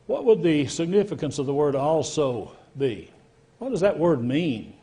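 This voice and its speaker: A man's voice: on the high side, sing-song, normal speed, mellow. A man, a pastor, leading a Bible study and explaining verses step by step while asking the class questions. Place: church.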